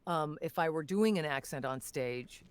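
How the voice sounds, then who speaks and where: A woman's voice: low-pitched, normal speed, clean tone, dry recording. A woman talking as a guest voice actor in a casual panel chat, telling stories expressively. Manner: expressive storyteller who acts out quotes.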